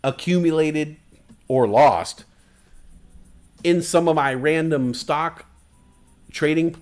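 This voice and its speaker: Man streamer, high voice, unhurried rambling chat, light music behind. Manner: rambling and crude, drifting into silly asides. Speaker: livestream host.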